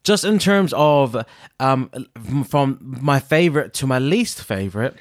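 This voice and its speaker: A man co-hosting a podcast, chatting casually and excitably, often trailing off and restarting. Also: medium pitch, a little slow, no room sound, clean studio sound. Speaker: podcast co-host. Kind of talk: casual chat reviewing a drag show.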